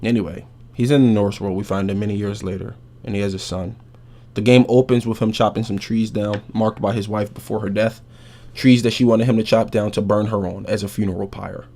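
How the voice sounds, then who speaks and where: A man hosting a podcast, recapping a game's story in a casual, profane, animated way. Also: fairly low pitch, brisk. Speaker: podcast host.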